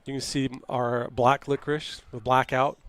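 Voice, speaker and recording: A man doing play-by-play for a high school football game, chatty and quick to laugh. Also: flat delivery, fairly bright tone. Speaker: play-by-play announcer.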